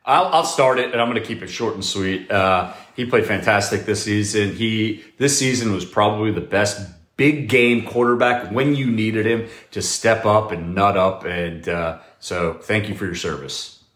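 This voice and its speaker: A man co-hosting a casual roundtable chat, telling stories with lively energy and laughing through them. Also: lowish voice, normal speed. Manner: animated storyteller, laughs through his stories. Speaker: podcast co-host. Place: room with a group around drinks. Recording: echoey room.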